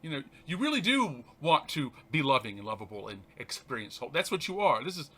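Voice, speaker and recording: A man, a reverend hosting his show, reads a spiritual text aloud and comments on it in an animated, halting way, often restarting and laughing. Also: medium pitch.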